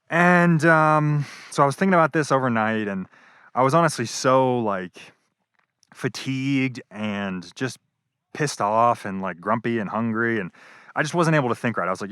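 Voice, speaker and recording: A man's voice: mid-range voice, animated, moderate pace, a bit bright, smooth, dry recording, studio quality. A young man telling a casual travel vlog story, rambling and swearing freely, with lots of "like" and "um". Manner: rambling, profane, full of fillers. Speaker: travel vlogger. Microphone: wireless clip-on mic.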